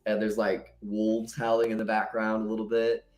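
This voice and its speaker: A man's voice: lowish voice, completely flat delivery, moderate pace, a little mellow, reverberant. A young adult man talking candidly and rambling as a guest poet on a podcast. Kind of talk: casual podcast conversation.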